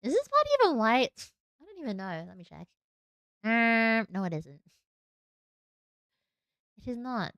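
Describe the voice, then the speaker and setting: A woman's voice: a little high, huge pitch swings, measured pace, pauses often, a bit bright, dry recording. Young Australian woman, casual drawing-stream chat, self-mocking giggles, dry close sound.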